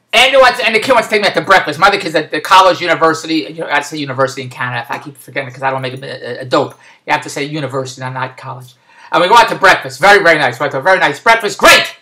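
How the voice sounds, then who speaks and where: Man, middle-aged, high voice, exasperated, repetitive ranting, casual vlog. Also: sharp tone. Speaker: vlogger. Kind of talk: casual rant to camera. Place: parked car.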